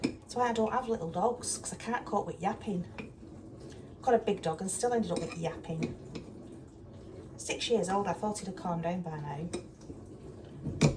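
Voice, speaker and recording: A woman's voice: fairly low pitch, a little slow, pauses often. A woman chatting casually in her kitchen while she cooks, exasperated and down to earth. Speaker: vlogger. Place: cold home kitchen. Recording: distant mic, loud kitchen noise. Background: clattering dishes and pans.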